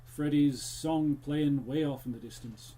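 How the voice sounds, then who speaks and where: A man's voice: a little high, measured pace, warm tone. A young man streaming a horror game live, chatting to his viewers and drifting into a joking pirate-style accent. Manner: chatty, talks to the viewers while playing, drifts into a jokey pirate-ish accent. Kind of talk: casual live-stream commentary.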